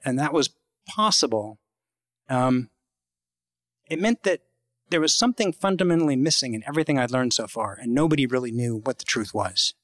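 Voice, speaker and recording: A man telling a true personal story in a casual, halting way, full of fillers and restarts, jumping higher when he acts out quoted lines. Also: fairly bright tone, no echo. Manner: acts out quoted lines with sudden high pitch.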